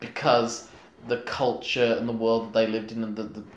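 A man's voice: fairly low pitch, little pitch movement, reverberant, a little hiss or hum. A man chatting casually and jokily while reviewing an old comedy film. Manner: jokey, quick asides, laughs often. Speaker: podcast co-host.

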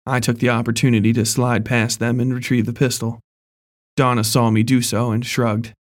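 A man reading a horror story aloud in a measured, even storytelling voice. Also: medium pitch. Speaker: narrator. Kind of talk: scripted horror story narration.

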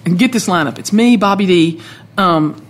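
A woman telling stories in a lively, talkative way as a country music guest in a casual chat. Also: lowish voice, normal speed. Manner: lively, talkative, animated storyteller.

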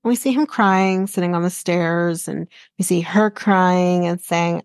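A woman's voice: lowish voice, unhurried, darkish tone, clear, resonant tone, dry recording, clean studio sound. A woman hosting a podcast in casual chat, recapping a reality show bluntly and with exasperation, swearing freely. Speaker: podcast host.

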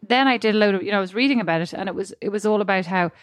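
A woman who is a mother, co-hosting a casual chat and telling stories in an animated, frank way. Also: mid-range voice, very fast, no echo. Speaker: podcast co-host.

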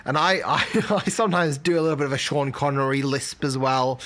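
A man's voice: medium pitch, fairly even intonation, a little fast, fairly bright tone. A man co-hosting a casual podcast chat, laughing often and restarting his sentences. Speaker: co-host.

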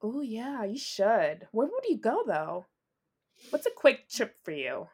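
Woman, podcast co-host, getting over a cold, higher voice, swooping intonation, expressive. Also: slightly rough. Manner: expressive, quick to react and laugh. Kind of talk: casual podcast chat.

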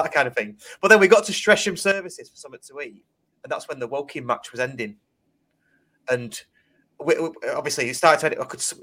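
A man, hosting a fan podcast in casual chat and telling stories in an animated way. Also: mid-range voice. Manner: chatty, animated storyteller with restarts. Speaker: podcast host.

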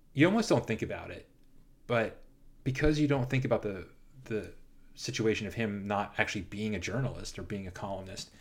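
A man in casual film discussion, animated and quick in bursts, often restarting his sentences. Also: fairly low pitch.

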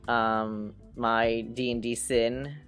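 A woman's voice: extremely low pitch, flat delivery, slow, faint music behind. A woman reading out listener questions in casual podcast chat, dry and hesitant with many ums.

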